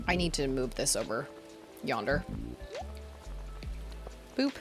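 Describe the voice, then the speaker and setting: A woman streamer talks her way through a game in a chatty, giggly way, her voice rising and falling in a lively sing-song. She wanders between comments as she plays. Faint game music runs quietly underneath. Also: very deep voice, slow, pauses often. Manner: chatty, giggly, thinks out loud. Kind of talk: casual gameplay streaming chat.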